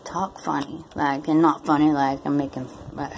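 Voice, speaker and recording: A woman's voice: low-pitched, flat delivery, normal speed, creaky, darkish tone, slight background noise, rough recording. A woman from Maine, vlogging in a casual, rambling way while talking around brand-new dentures. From Maine, USA. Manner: rambling and chatty, with many fillers. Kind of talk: casual chat to camera.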